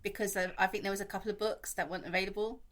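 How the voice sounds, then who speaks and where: Bright Canadian woman co-host. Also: mid-range voice, steady tone, racing. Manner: hesitant, unsure, with frequent "I don't know". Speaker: podcast co-host. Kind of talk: casual podcast chat.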